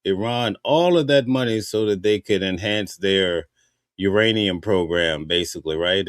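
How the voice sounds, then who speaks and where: Low-voiced man hosting a live stream. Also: moderate pace, no room sound, studio quality. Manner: conversational, reads viewer comments aloud. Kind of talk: casual news chat.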